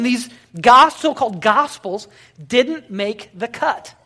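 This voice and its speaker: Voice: medium pitch, lively intonation, slow pace, sharp tone. Chatty, wry pastor preaching a sermon. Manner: conversational storytelling with wry humor; asks the congregation rhetorical questions.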